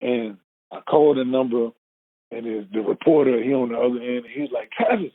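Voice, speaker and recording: Husky-voiced man on a tinny line. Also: mid-range voice, steady tone, brisk. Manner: earnest, repeats words when moved, acts out quoted speech. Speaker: guest telling his life story. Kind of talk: emotional personal storytelling. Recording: phone-like narrow band.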